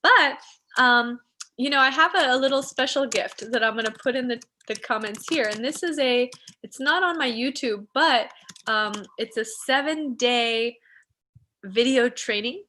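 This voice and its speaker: Woman ceremony host on a live stream, slow devotional delivery, bright and pitched a little high. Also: a little hiss or hum. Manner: soft, slow and devotional when blessing. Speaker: spiritual teacher and ceremony host.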